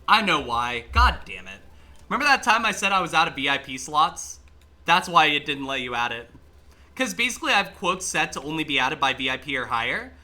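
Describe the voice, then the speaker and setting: An excitable male streamer with a high, bright, sharp-edged voice that jumps all over its range. He talks straight to his chat, curses freely and breaks into laughs and shouts at the game. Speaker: livestreamer. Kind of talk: live gameplay commentary.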